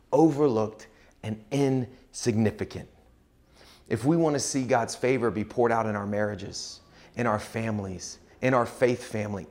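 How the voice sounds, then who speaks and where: Guy preaching a sermon, kinda high voice, chatty, does little voices for the quotes. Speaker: pastor.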